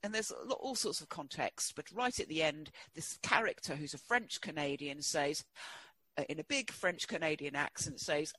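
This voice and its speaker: A man being interviewed as a guest, talking in a halting way with many fillers and restarts. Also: fairly high pitch, pushed and bright. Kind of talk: interview conversation.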